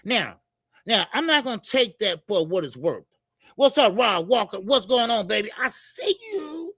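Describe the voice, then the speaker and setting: A man hosting a laid-back boxing livestream, his voice pitched high with a gravelly, bright edge. He greets viewers in the chat one by one and fills the gaps with steady "all right" and "yes sir". The sound is dry and close, with no room around him. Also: normal speed, no echo. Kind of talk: casual live-stream chat.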